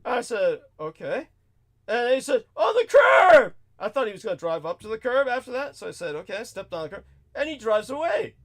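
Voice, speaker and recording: A man hosting a talk show delivers an exasperated, profane monologue. His voice sits high for a man and leaps all over its range, dropping to mutters and then flaring up. He sounds incredulous and fed up. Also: animated, fast talker. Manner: profane, exasperated, swings between mutters and outbursts. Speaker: show host. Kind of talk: ranting storytelling monologue.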